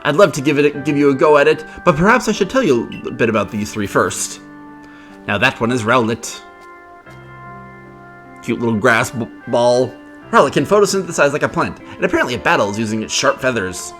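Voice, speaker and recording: A man's voice: mid-range voice, animated, brisk, a bit bright, soft background music, close to an everyday voice. Brief: courteous game researcher, talkative and explaining, read by a man in his own voice. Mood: polite. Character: polite, chatty male researcher, adult.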